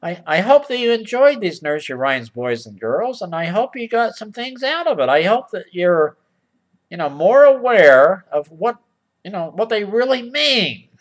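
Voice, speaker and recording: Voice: medium pitch, sing-song, normal speed. A storyteller who reads a children's story aloud to mock it, making sarcastic asides to the listeners and restarting sentences. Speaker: storyteller and channel host.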